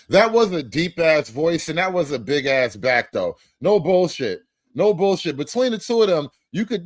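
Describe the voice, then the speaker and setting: A man riffs crudely through a reaction show, laughing at his own jokes. His voice leaps from low mumbles to loud bursts. The sound is dry and close to the mic. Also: dry recording. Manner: crude joking and laughing, pitch swinging from low mutters to loud. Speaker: show host reacting to a debate. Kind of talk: casual reaction commentary.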